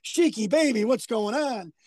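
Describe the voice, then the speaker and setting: A man's voice: very high-pitched, expressive, measured pace, darkish tone, no echo, studio quality, full character voice. A man putting on the voice of an older wrestler who talks to a friend in a coaxing tone with pet names. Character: smooth-talking older male wrestler, coaxing.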